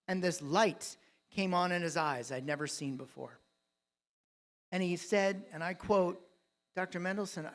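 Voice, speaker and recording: Dramatic keynote storyteller, man. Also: high voice. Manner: dramatic, swings between loud and hushed. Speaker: dentist and coach, keynote speaker. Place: live conference stage.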